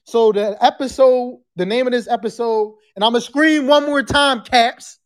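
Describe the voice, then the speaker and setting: A podcast host chatting live with callers and the chat, loud and profane, sometimes breaking into screams. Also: medium pitch, moderate pace.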